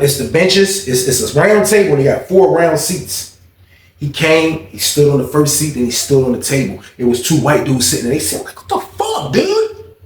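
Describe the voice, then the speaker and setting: A man telling a prison story in a casual storytime vlog, animated and profane, swinging from shouting to hushed. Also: mid-range voice, echoey room.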